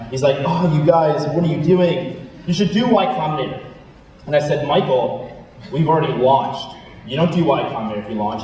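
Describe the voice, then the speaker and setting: Young guy giving a keynote, chatty self-mocking stories, sounds far off in a big echoey hall. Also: a little high. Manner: animated, self-deprecating storytelling with quick asides. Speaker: startup founder giving a talk. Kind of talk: storytelling keynote talk. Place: large lecture hall.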